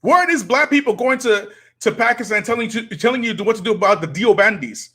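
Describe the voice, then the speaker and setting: A man preaches to his live-stream audience with rhetorical challenges, giving fervent commentary as host. He sounds high and expressive, speaking fairly quickly with a fairly bright tone.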